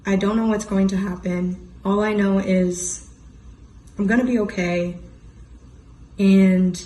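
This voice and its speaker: A woman's voice: medium pitch, steady tone, slow pace, pauses often, warm tone. A woman in her twenties chats to camera in a casual vlog, filling her talk with "like" and "you know". Her voice carries a noticeable room echo with faint hiss behind it. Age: 20s. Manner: chatty, frequent "like" and "you know", candid and emotional. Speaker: vlogger. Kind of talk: casual talking-head vlog.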